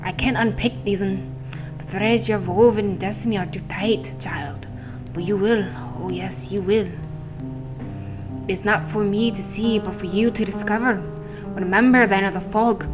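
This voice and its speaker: A riddling woman seer with an Irish lilt, as a woman puts her on, speaking slow, grave prophecies in a middling voice. Game music plays clearly underneath. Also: medium pitch, fairly even intonation, natural voice. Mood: cryptic. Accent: Irish, put on. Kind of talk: voicing game dialogue.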